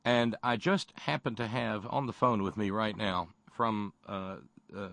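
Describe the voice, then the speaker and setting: A man's voice: lowish voice, fairly even intonation, a little slow, gravelly, fairly bright tone, dry recording. A man hosting a radio talk show, speaking in a folksy, wry way with many fillers and restarts.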